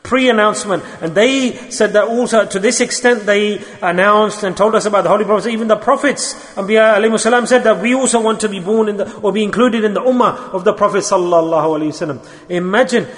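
A man's voice: high voice, fast talker, hardly any pauses. A man giving a sermon at a religious gathering, putting repeated rhetorical questions to his listeners. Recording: long hall reverb.

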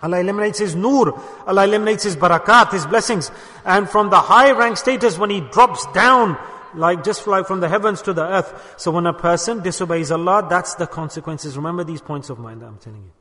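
A man delivers a sermon in a high, bright voice. He is emphatic, rising to loud exhortation and then dropping to hushed asides. A long reverb trails behind him, as in a large hall. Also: brisk. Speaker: preacher.

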